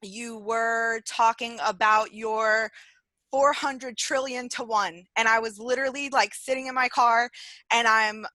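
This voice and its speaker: A woman in her thirties calling in to a show, excited and rambling with lots of fillers. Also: fairly high pitch, a little slow, no room sound. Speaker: caller. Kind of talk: excited call-in chat.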